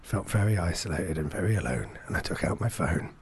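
A man's voice: low-pitched, lively intonation, fairly quick, husky. A man, telling a rambling, self-deprecating story in casual chat, full of fillers and restarts. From England.

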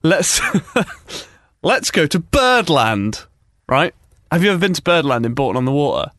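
Animated man telling a story. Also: fairly high pitch, measured pace, no room sound, studio quality. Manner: animated, laughs often, acts out quotes. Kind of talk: casual storytelling chat.

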